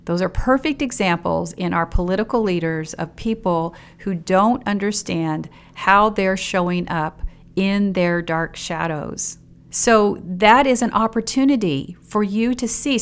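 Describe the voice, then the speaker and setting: A woman hosting a solo podcast on personal growth from a home studio in a basement spare bedroom, speaking reflectively and asking the listener questions. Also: medium pitch. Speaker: podcast host.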